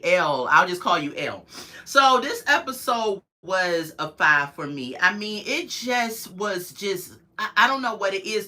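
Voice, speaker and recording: Chatty woman with a bright, forceful voice. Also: mid-range voice. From United States. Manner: chatty, opinionated, talks to viewers in chat. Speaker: reality show reviewer hosting a livestream. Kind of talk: casual livestream review.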